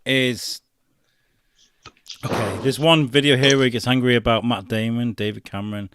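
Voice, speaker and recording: A man's voice: mid-range voice, fairly even intonation, normal speed, noisy background. A man co-hosting a casual chat who sounds cheery and reads out listener messages. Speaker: podcast co-host.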